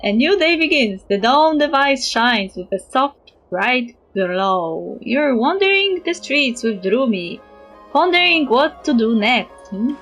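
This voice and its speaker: A woman streaming a game, reading its text aloud in an animated, giggly, expressive way. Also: high voice, slow, soft background music.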